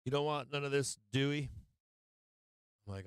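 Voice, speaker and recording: A man's voice: medium pitch, normal speed, clear, resonant tone, dry recording. A man hosting a live stock-trading stream, brash and profane, swinging between muttering and fired-up outbursts while he explains his trades. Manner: profane, brash, excitable trash talk. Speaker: livestream trading host. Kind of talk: live market commentary.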